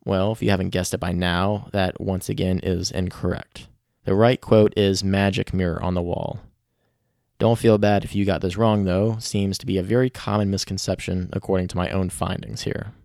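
A man presenting his own survey findings in scripted narration, talking straight to the listener in a steady, explanatory way. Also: low voice, moderate pace, vocal fry, no room sound, studio quality.

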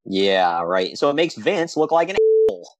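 A lowish-voiced podcast co-host chats about old wrestling shows in a dry, lo-fi recording. His manner is animated, with sarcastic asides and quick laughs.

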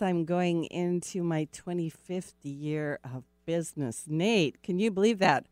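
A woman's voice: on the low side, unhurried, hardly any pauses, darkish tone, no room sound, clean studio sound. A middle-aged woman hosting a radio show, chatting casually, laughing easily and rambling a little. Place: radio studio. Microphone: studio microphone.

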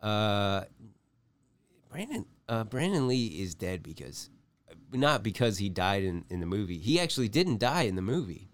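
Male co-host, low register, animated delivery, loose chatty banter. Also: moderate pace, dry recording. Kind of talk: casual comedic banter.

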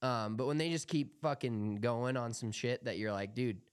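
A man's voice: medium pitch, moderate pace, smooth, no room sound, studio quality. A young man co-hosting a podcast, telling rambling, profanity-laced stories in casual chat. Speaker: podcast co-host.

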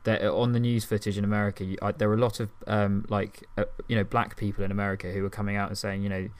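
A man co-hosting a casual podcast, chatty and quick to laugh, with the odd swear word. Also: fairly low pitch, little pitch movement, smooth. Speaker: podcast co-host. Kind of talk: casual chat.

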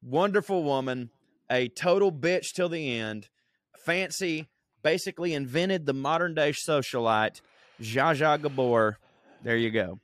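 A man's voice: on the high side, a little slow, fairly bright tone, no echo, studio quality. A man co-hosting a casual podcast, swearing freely and laughing as he reads out quotes. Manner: crude, laughing storyteller reading quotes aloud. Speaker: podcast co-host.

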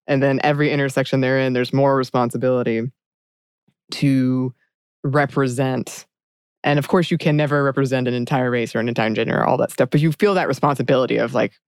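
A woman's voice: extremely low pitch, clean tone, dry recording, studio quality. A woman co-hosting a podcast, speaking in an earnest, thoughtful way in casual chat. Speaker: podcast co-host.

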